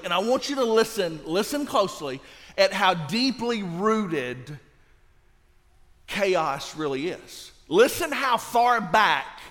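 Male pastor, high voice, emphatic sermon delivery that drops to a hush, long hall reverb. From Louisiana. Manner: emphatic, swinging from loud to hushed.

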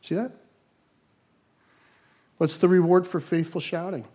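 A male pastor preaching a sermon, animated, moving between quiet asides and raised, emphatic lines. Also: sits high, a little slow, breathy edge.

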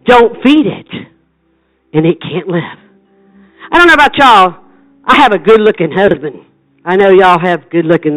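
A woman's voice: on the low side, lively intonation, normal speed, long pauses, faint music behind, low-quality recording. An older woman evangelist preaching a sermon with passion, building into rhythmic repeated calls. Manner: impassioned preaching, rising into rhythmic shouted repetition.

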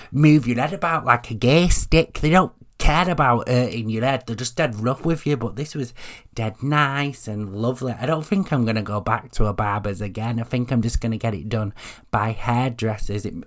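A man hosts a podcast on his own, chatting casually. He jokes and swears his way through the talk in a mid-range voice. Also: medium pitch. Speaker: podcast host. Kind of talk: casual solo podcast chat.

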